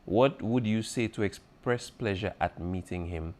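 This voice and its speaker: A man's voice: lowish voice, a little slow, few pauses, a little mellow. A man as a teacher going over an exam review, patiently repeating key points and checking in with his students. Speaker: Spanish teacher.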